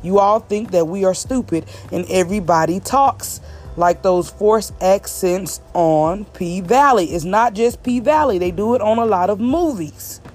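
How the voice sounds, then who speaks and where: A woman from the American South, a vlogger giving an emphatic, exasperated commentary to camera, speaking slowly and deliberately so every word is clear. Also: mid-range voice, a little mellow. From Southern United States. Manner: deliberately slow, clear delivery. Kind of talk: direct-to-camera commentary rant.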